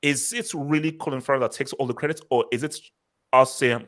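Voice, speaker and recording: Male host, mid-pitched, opinionated, rambling film talk. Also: fairly even intonation, a little fast, a bit bright. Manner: opinionated, talks in long run-on thoughts. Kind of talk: casual film review chat.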